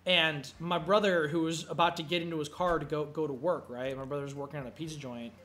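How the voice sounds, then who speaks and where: A man's voice: fairly high pitch, fairly even intonation, fairly quick, fairly bright tone. A young man hosting a gameplay video, rambling through casual, profane stories with lots of fillers. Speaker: gameplay commentary host. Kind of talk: casual storytelling chat. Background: faint game music.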